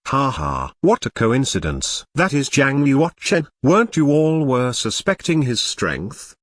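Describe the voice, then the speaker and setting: A man's voice: mid-range voice, very animated, a little slow, no room sound. A man voicing a cheerful young nobleman. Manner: cheerful and courteous. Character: friendly young man of about twenty.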